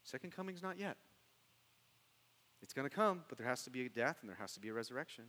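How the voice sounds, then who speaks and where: Animated preacher man in a reverberant hall. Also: mid-range voice, racing. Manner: animated preaching, swings from hushed to loud excited bursts. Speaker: pastor. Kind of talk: sermon.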